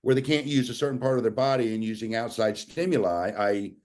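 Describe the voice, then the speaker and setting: A man telling a story in a folksy, animated way over a video call, acting out the dialogue he quotes. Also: medium pitch, fast talker. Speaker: guest sharing a testimonial. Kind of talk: casual storytelling.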